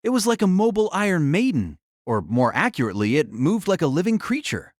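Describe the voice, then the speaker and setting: A man narrating an audiobook with dramatic, expressive delivery. His voice is raised a little in pitch and swings widely in tone. The read is dry and close-miked, with no room sound. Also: fairly quick, no echo.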